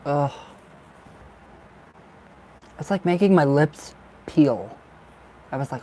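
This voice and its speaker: A man's voice: a little high, animated, takes it slowly, pauses often, mellow, a little hiss or hum. A man chatting casually with viewers while reading cards. He sounds tired and drowsy, talks loosely, laughs often and trails off.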